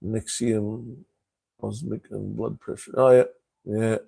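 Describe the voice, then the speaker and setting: A man's voice: lowish voice, level tone, takes it slowly, vocal fry, mellow, slightly rough, no echo. Laid-back Australian man, dry close sound. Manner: laid-back, swears freely, calls viewers mate and brother. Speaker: live-stream host. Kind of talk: casual live-stream chat answering viewer comments. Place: home in Cambodia.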